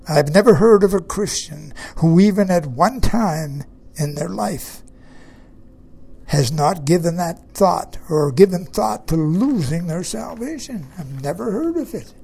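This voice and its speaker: Slow, gravelly preacher man. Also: a little high, lively intonation, a little mellow. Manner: emphatic, repeats key phrases, rhetorical questions to listeners. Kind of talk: sermon.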